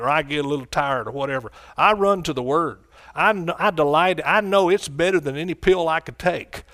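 A man's voice: fairly high pitch, fairly bright tone. A man preaching a sermon with fervent energy, calling out to his congregation for responses.

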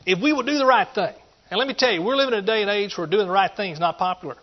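A middle-aged man preaching a sermon. He talks in a folksy way, swings between loud emphatic points and quiet asides, and calls out to his listeners. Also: high voice, racing, a little hiss or hum. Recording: dull lo-fi recording.

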